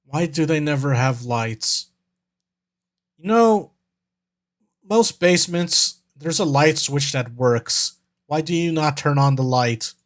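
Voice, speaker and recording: A man talking in a lively, bouncing voice that sits a little high, rambling through casual reaction commentary as a vtuber. He laughs often, trips over his words and swears offhandedly. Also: slow pace, long pauses.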